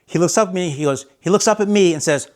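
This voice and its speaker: A man with a fairly high-pitched voice tells a personal story in a loose, chatty way. He rambles, backtracks and corrects himself as he goes. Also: fast talker, darkish tone. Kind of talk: casual anecdote.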